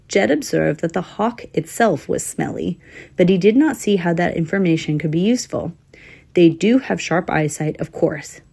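Gravelly, husky woman reading a storybook. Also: on the low side, a little mellow. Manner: wry, dry asides to the listener. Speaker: narrator. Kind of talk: storybook narration.

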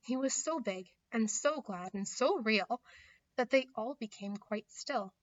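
Woman reading a storybook aloud, somewhat high. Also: animated, a little slow. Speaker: reader. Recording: slightly muffled recording.

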